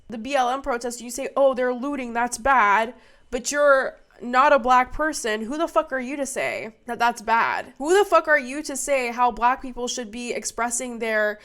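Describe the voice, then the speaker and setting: A woman's voice: fairly high pitch, a bit bright. A young woman streamer giving fired-up, profane commentary. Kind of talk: heated commentary.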